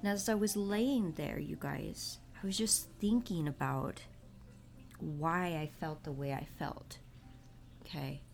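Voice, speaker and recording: This is casual vlog chat from a mother who confides in her viewers about her family and what she believes. Her low voice is gravelly with a darkish tone, and she takes her time, keeping things chatty and confessional.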